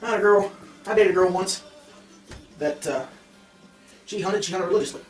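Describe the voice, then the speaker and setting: A man's voice: high-pitched, moderate pace, soft background music. A young man, a trapper, casually telling a story to his viewers, rambling and correcting himself as he goes. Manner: rambling, self-correcting, addresses viewers directly. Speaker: trapper vlogger. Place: fur shed. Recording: echoey shed, voice from far off.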